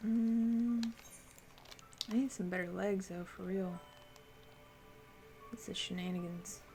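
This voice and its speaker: Taking it slowly, a woman with a warm, steady, medium-pitched voice offers easygoing live-stream commentary while gaming, faint music behind her. She thinks out loud as she plays and replies to her chat.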